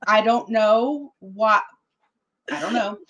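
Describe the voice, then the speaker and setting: Animated woman telling a story, lo-fi. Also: mid-range voice, slow pace. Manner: animated, quotes other people in their voices. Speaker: political guest. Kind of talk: casual interview storytelling.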